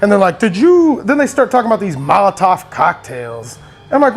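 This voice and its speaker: A man's voice: high-pitched, huge pitch swings, brisk, vocal fry, faint music behind. A man telling a meandering personal story, swearing often, laughing a lot and getting worked up as he talks. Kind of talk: rambling personal anecdote.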